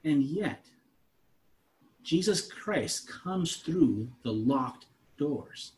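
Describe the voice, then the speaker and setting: A man's voice: fairly high pitch, extremely slow. Conversational man preaching a sermon. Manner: conversational, lively, shifts between soft asides and emphatic lines. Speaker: pastor.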